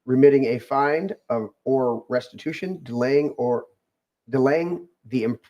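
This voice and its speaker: A man's voice: medium pitch, measured pace, dark tone, highs cut off. A man hosting a casual talk show with co-hosts, reading aloud from a web page with many fillers and restarts. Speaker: podcast host.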